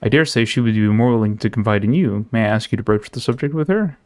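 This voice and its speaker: A man voicing a gentle, devoted woman of a city in a game, reading her lines in formal, old-fashioned phrasing. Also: fairly low pitch, quick pace, natural voice. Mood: earnest. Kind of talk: reading game dialogue aloud.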